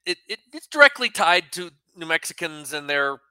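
Opinionated radio regular, high-ish sharp tone, dry studio. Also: male voice, very animated, moderate pace, clean tone, no echo. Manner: opinionated, emphatic, wry. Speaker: radio show regular commentator. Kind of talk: casual radio talk. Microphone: studio broadcast mic.

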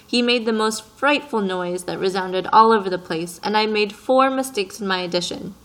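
A woman's voice: mid-range voice, moderate pace, fairly bright tone, lightly acted, rough recording. A woman reading as a pompous, peevish businessman. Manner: self-important, fussy and precise. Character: pompous middle-aged male businessman, peevish. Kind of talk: audiobook reading.

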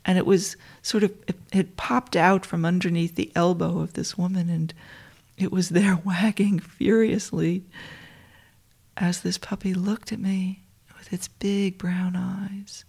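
Slow gravelly-voiced woman telling a story. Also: on the low side, flat delivery. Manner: soft and intimate, often dropping to a whisper; addresses listeners as dear friends. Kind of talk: personal storytelling.

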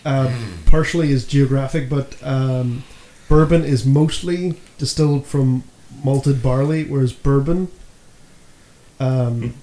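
A man in casual chat, explaining haltingly with many filler sounds. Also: medium pitch, dark tone, roomy sound, rough recording.

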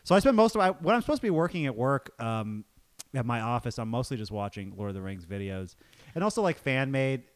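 Male podcast co-host, rapid-fire delivery, playful mocking banter. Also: mid-range voice, very animated. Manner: fast, joking, playfully mocking. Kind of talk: casual comedy podcast banter.

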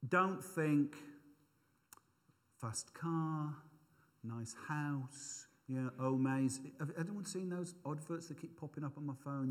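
A man's voice: a little high, expressive, normal speed, a bit bright. Man preaching in a reverberant hall. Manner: conversational, self-deprecating, thinks aloud with asides. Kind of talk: informal sermon.

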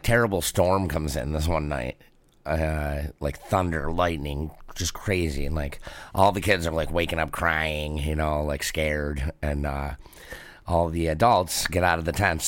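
A deep-voiced man telling stories in casual chat, dry and close to the mic. He laughs a lot and throws himself into the voices of the people in his stories. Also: unhurried, no echo. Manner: laughing, animated, acts out quoted voices.

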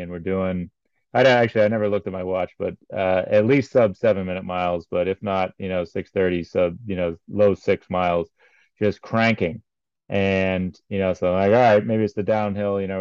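Man, triathlete, casual podcast chat, low smooth voice, dry and slightly dull sound. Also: a little mellow, dry recording. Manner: rambling, many ums and uhs. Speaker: triathlete recounting a race.

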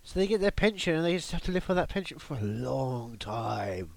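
A man's voice: mid-range voice, sing-song, fairly quick, gravelly. A man hosting a casual comedy podcast, riffing in a jokey, mock-serious way.

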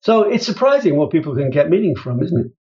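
A man speaking as an interview guest, telling lively stories and acting out quotes with big jumps in pitch. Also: quick pace. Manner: animated storyteller, jumps high in pitch for emphasis and quotes. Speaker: guest, business author. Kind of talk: conversational interview. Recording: dull lo-fi sound.

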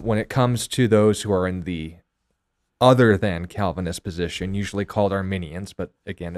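A man answering a viewer's Bible question in a measured, explanatory way on a talk show. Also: low-pitched, a little mellow, no room sound, clean studio sound.

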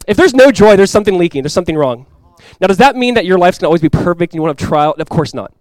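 Here a young male pastor preaches quickly, his voice pitched a bit high and his manner relaxed and conversational, full of "like." Quiet, earnest moments alternate with loud, excited peaks. The audio is close, dry, and echo-free.

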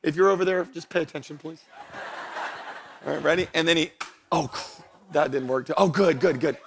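Energetic pastor preaching a sermon. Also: male voice, on the high side, normal speed, creaky, a little hiss or hum. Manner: energetic, rises to loud emphatic preaching; jokes with the congregation. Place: church stage before a congregation.

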